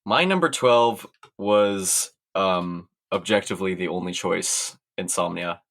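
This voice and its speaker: A man's voice: low voice, unhurried, gravelly, fairly bright tone. A young man in his twenties co-hosting a podcast, casual and a bit hesitant. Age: 20s. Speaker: podcast co-host. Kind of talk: casual chat.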